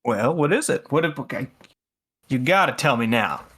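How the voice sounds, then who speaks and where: A man doing a wheedling con man who keeps pressing with friendly, pushy questions. The voice sits at an ordinary male pitch, close to the player's own, in a tabletop role-play. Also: lively intonation, moderate pace, fairly bright tone, breathy edge. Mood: coaxing. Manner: coaxing, pushy.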